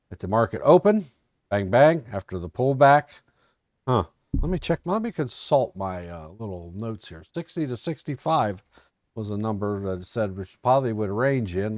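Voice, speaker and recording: A man's voice: on the low side, a little mellow, dry recording, clean studio sound. An American man giving a casual, folksy live-stream recap of his trading day, joking and thinking aloud as he looks over charts. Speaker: trading educator.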